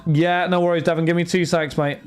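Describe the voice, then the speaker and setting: A chatty man hosts a livestream running card breaks, casually addressing chat and viewers by name and restarting his sentences often. His voice is on the high side, brisk and level in tone.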